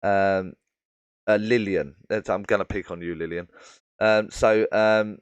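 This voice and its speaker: A man's voice: on the low side, fairly even intonation, measured pace, clear, resonant tone, no echo, muffled recording. A man hosting a live question-and-answer stream as a medium, explaining at length with many fillers and addressing viewers by name.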